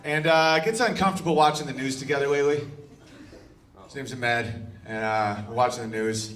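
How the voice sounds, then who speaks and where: A man performing a brash stand-up comedy set on a club stage, bursting into loud shouted bits. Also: mid-range voice, brisk.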